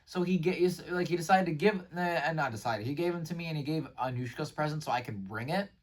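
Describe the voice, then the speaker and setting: Casual vlogger, male, slightly higher voice, excitable rambler, heavy on fillers, recorded a bit off-mic. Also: fast talker, far from the mic. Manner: rambling, filler-heavy, says "like" and "bro" constantly; excitable, restarts sentences often. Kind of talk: casual daily vlog recap.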